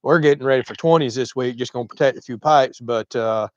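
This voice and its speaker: A Florida man with a Southern US accent hosts a livestream, chatting casually and reading viewer comments in a medium-pitched, brisk voice. He drawls, laughs often, and the audio is dull with no echo.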